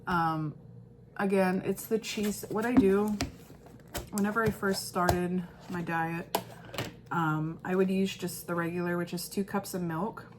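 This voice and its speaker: A mother in her thirties talks through her day in a casual home vlog, rambling and restarting her sentences. Her voice sits low for a woman, with faint noise in the background. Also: fairly even intonation, a little slow. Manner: rambling, filler-heavy, self-correcting. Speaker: vlogger, mother.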